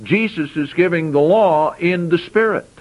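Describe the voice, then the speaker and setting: A man's voice: on the high side, normal speed, highs cut off. A man preaching a sermon, reading scripture verses aloud and explaining them, with frequent repeated phrases.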